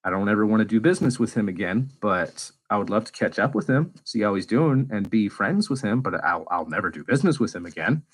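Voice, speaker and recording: A man's voice: lowish voice, fairly quick, hardly any pauses, breathy edge, low-quality recording. Candid, profane male space streamer. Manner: candid and profane, swings into animated rants. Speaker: space YouTuber and livestream host. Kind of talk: casual livestream chat.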